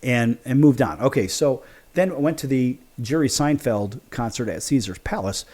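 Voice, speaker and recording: A man's voice: mid-range voice, expressive, moderate pace, a little mellow. A male sports show host telling a casual story, acting out both sides of each conversation.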